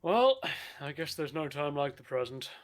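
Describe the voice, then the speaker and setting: A man playing a tabletop game in a fairly high voice. He jokes and comments wryly on what the others do. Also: flat delivery, fairly quick. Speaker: player.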